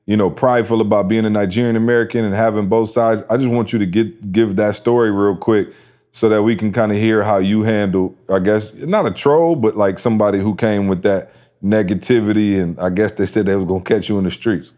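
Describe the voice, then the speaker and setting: A man's voice: lowish voice, steady tone, brisk, mellow. A man co-hosting a podcast in a casual, slangy, joking way. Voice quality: laid-back, slangy, joking. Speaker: podcast co-host. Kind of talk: casual chat.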